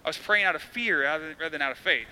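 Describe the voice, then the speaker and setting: A man in his thirties delivers a sermon as a pastor, slipping into quoted voices as he tells stories. His voice sits high and rings very bright. The manner is relaxed and conversational rather than formal. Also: very fast, smooth, rough recording. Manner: conversational storytelling preaching with acted quotes.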